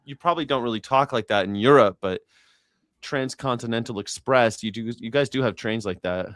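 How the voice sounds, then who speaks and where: A man with an American accent hosting a casual livestream chat, playful, sometimes hamming up a booming radio voice. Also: brisk, fairly bright tone, no echo, studio quality. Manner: playful, hypes himself up with a booming mock radio voice. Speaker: podcast host.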